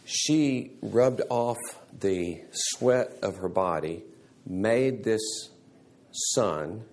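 A man teaching a church Sunday school class in a halting way, restarting words and often clearing his throat. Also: lowish voice, lively intonation, darkish tone.

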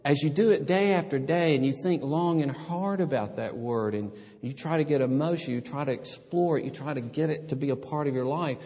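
A man preaching a sermon as pastor, animated and conversational, with humorous asides. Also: on the high side, fairly quick, few pauses, in a large hall.

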